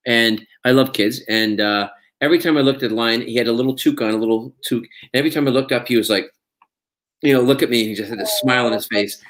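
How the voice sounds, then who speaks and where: A man's voice: mid-range voice, a bit bright. A man guesting on an interview show, talking in a loose, casual way. He rambles into anecdotes and laughs easily, and his voice sits in an ordinary middle register. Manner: chatty storyteller, laughs often.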